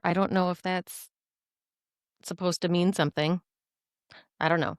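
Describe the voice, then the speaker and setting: A woman's voice: on the low side, measured pace, pauses often, clear, resonant tone, no echo. Bubbly, giggly woman podcast co-host, chatty, dry close mic. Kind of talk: casual chat.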